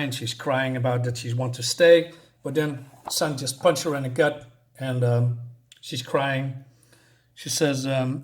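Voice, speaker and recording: A man's voice: mid-range voice, steady tone, normal speed. A man casually recapping a comic book's plot, rambling and hesitant, often losing his thread. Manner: rambling, many fillers and restarts. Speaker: comic reviewer.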